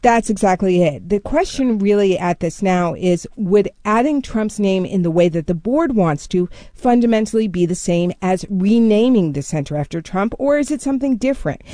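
A woman culture correspondent explaining a story in a measured, steady way during a radio news interview. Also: mid-range voice, no echo.

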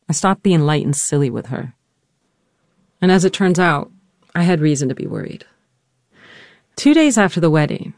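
A narrator telling a family story in a reflective, earnest, measured way, and also interviewing their mother. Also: mid-range voice, a little mellow, dry recording, clean studio sound. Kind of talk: personal documentary narration and interview.

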